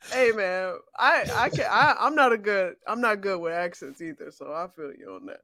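A man's voice: high-pitched, big pitch swings, measured pace, pauses often, pushed and bright, no room sound. A man co-hosting a casual podcast, upbeat and easygoing, with slangy speech. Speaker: podcast co-host.

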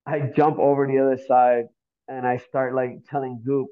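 A man from Miami, a podcast guest, telling a story in an animated, profane, slang-filled way. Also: medium pitch, normal speed, clean tone. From Miami, Florida. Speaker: podcast guest, graffiti artist. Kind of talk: casual storytelling. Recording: tinny phone-like audio.

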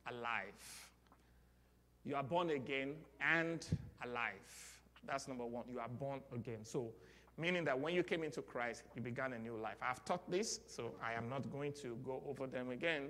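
A man with a Nigerian accent preaching a sermon, leading call-and-response and building to loud exclamations. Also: mid-range voice, moderate pace. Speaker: pastor. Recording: long hall reverb.

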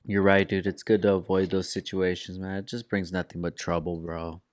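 A man with a low voice talks in relaxed, slangy chat. He swears freely and keeps tagging his sentences with "bro" and "dog". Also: normal speed. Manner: slangy, profane, tags lines with "bro" and "dog". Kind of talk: casual chat.

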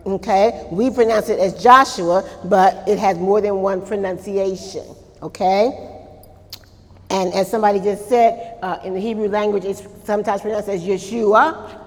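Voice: mid-range voice, fairly even intonation, moderate pace, long reverb tail. A Bible study teacher leading a church class, asking the group questions, answering them, and adding frequent amens.

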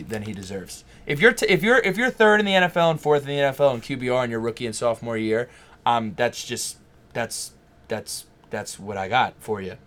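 A young man co-hosting a casual sports podcast, arguing his points with animated insistence and stammering when pressed. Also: mid-range voice. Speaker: podcast co-host.

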